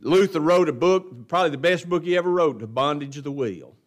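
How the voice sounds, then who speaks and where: Man, somewhat high voice, folksy and emphatic Bible teacher, preaches his points. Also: fairly quick. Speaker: adult Bible class teacher. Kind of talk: verse-by-verse Bible lesson.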